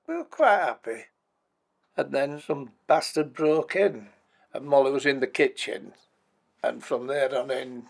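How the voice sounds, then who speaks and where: A man in his 80s, a bereaved husband and former carer, tells his life story for a documentary in a plain-spoken, matter-of-fact way. His voice is medium-pitched and gravelly.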